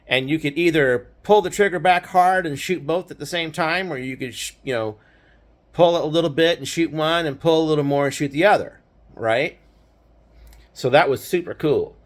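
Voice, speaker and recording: An older man with a medium-pitched, fairly bright voice tells a childhood memory like a grandfather at ease. He rambles loosely, keeps asking "right?", and laughs wryly at the grim parts.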